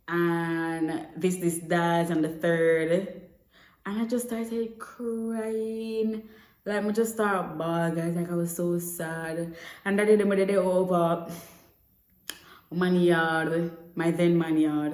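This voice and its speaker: A woman's voice: fairly low pitch, fairly even intonation, slow pace. A young woman with a Jamaican accent telling a personal story to camera in a chatty way, slipping between English and Patois. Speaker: vlogger. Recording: echoey room.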